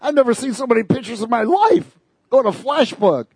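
A man preaching a sermon, lively and sarcastic, laughing between his points. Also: extremely high pitch, fairly quick, husky, no room sound.

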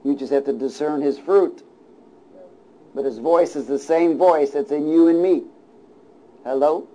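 A man's voice: on the high side, measured pace, low-quality recording. Man preaching with call-and-response asides. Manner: chuckles between points, shifts from hushed to loud. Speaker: pastor. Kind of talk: sermon.

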